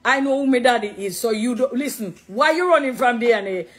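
A middle-aged woman with a Jamaican accent, talking to camera in an animated, preachy, affectionate way, slipping into patois. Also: a little high, brisk. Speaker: dancehall artist. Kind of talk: casual direct-to-camera talk.

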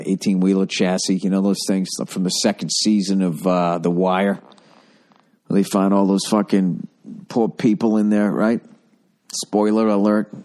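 A man's voice: sits low, mellow. A man hosting a podcast who delivers a comedic monologue rant in a profane, rambling, sarcastic way. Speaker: podcast host.

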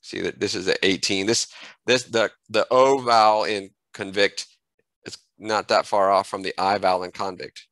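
A man giving a screen-recorded software tutorial, thinking aloud and correcting himself as he clicks through menus at a desk microphone. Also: lowish voice, fairly even intonation, moderate pace, no echo, rough recording.

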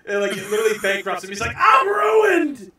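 A man from the United States hosting a casual podcast chat, excitable, swearing freely and shouting out bits of impressions. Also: high-pitched, rapid-fire, very echoey, far from the mic. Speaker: podcast host.

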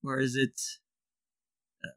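A man's voice: slow pace, sharp tone, dry recording, studio quality. A man chatting casually and joking while reading through a game with friends. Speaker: player reading game lines. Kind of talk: casual group game chat. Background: game music.

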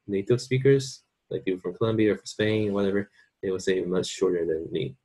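A man's voice: low voice, fairly quick, warm tone, breathy edge. A man teaching an online language lesson in an informal way, checking in often with his students. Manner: informal, checks in with "okay?" and "right?".

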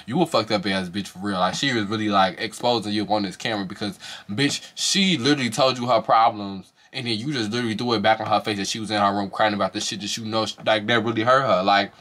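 A young man giving a casual, profane, animated reality TV review with bursts of loud laughter. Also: on the low side, fast. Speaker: show reviewer.

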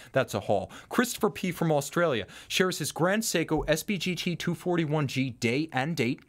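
A middle-aged man with a New York accent hosting a live watch talk show, talking in brisk, emphatic runs of lists. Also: medium pitch. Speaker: host.

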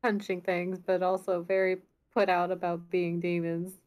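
A woman's voice: fairly low pitch, flat delivery, normal speed, a little mellow. A woman playing a tabletop game, chatting casually and laughing often. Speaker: player.

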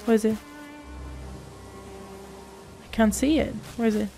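Over soft background music, a woman with a fairly high, gravelly yet warm voice speaks in a steady tone at a measured pace. She's a gaming channel host offering casual running commentary on her play, muttering to herself, easily startled and prone to swearing.

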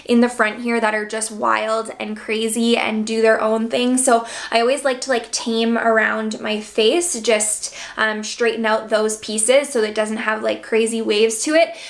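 A young woman in a casual hair tutorial, chatting to the camera at home, a bit out of breath and full of "like" and "um". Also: on the high side. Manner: chatty, filler-heavy with frequent "like" and "um". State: out of breath, seven months pregnant. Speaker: beauty vlogger.

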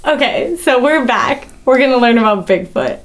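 A woman with a high voice co-hosting a casual podcast. She sounds excitable and giggly, with an eager, enthusiastic manner. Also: moderate pace, slight background noise. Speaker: podcast co-host.

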